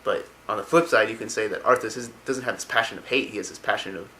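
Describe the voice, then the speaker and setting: A man's voice: fairly low pitch, fast talker, bright, forceful tone, slight background noise, rough recording. A man casually retelling a fantasy story, rambling with many fillers and restarts. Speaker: lore video narrator.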